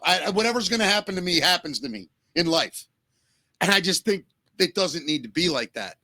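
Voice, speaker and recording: A man co-hosting a podcast, speaking earnestly and emotionally, close to tears, with halting restarts and swearing. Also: high-pitched, sharp tone, no echo. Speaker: podcast co-host.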